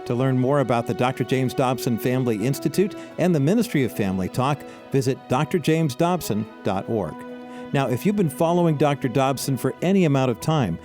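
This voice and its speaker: A man's voice: mid-range voice, dark tone, no echo, studio quality. A man announcing a radio program, reading a polished scripted introduction. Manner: smooth, polished announcer read. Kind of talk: scripted narration.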